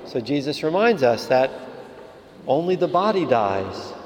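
A man, a priest, giving a calm, measured sermon in a church. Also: mid-range voice. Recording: reverberant hall with faint ambience.

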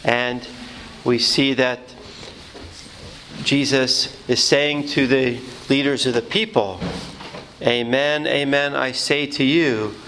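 A man preaching a homily, explaining scripture in an earnest, measured way with a few restarts. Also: mid-range voice, a bit bright, slight background noise, low-quality recording.

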